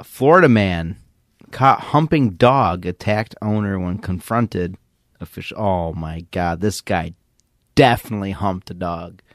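A young man co-hosting a casual podcast, reading odd news stories aloud with deadpan, crude humor. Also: low-pitched, dry recording, studio quality. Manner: laid-back, deadpan, crude joking. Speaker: podcast co-host.

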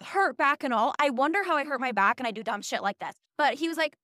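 A young woman in her early twenties with a high voice recounts her week as a podcast host. She talks in an animated, profane way and often makes fun of herself. The recording is dry and close. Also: fast, few pauses, no room sound. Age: early 20s. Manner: animated, profane, self-mocking. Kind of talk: casual storytelling monologue.

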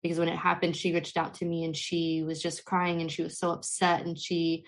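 Low-voiced young woman, heartfelt. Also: monotone, fairly quick. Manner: passionate, flowing, heartfelt. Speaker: podcast guest. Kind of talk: heartfelt spiritual conversation.

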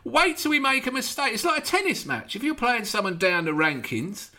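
A man with a high, bright voice that leaps all over the place as he rants about his team. He keeps firing off sarcastic rhetorical questions in casual podcast chat. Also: sing-song, fairly quick. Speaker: podcast host.

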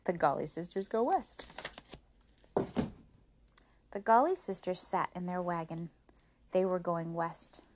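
A woman reads a children's chapter book aloud to her boys in a gentle, expressive way. She takes her time over the words, and her pitch rises and falls a great deal. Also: a little slow, long pauses, background noise. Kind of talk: storybook read-aloud.

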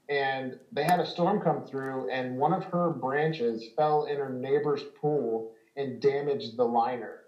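A man's voice: medium pitch, reverberant, lo-fi sound. A man hosting a casual home repair talk, explaining with many ums and small laughs. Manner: relaxed, filler-heavy explaining. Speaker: home repair business host. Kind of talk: casual chat.

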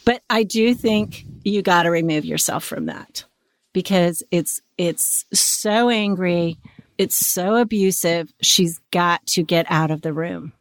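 A woman hosting and coaching, animated and stammering as she plays a wife in a role-play and gives advice. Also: on the low side, slow, no echo, studio quality. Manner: stammering, animated, often restarting her words. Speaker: host and relationship coach.

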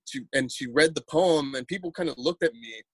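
Rambling New poet, dry sound. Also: male voice, mid-range voice, brisk, slightly rough, dry recording. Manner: rambling, repeats words, acts out quotes. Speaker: poet interviewee. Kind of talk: casual storytelling interview.

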